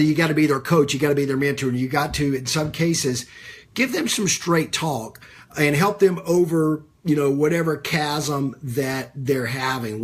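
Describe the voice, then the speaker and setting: A man coaching his audience in a live-streamed talk. His voice has a slightly husky edge at a middle pitch. He talks conversationally, loops back on his phrases with plenty of fillers, and stops now and then to greet viewers by name. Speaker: business coach.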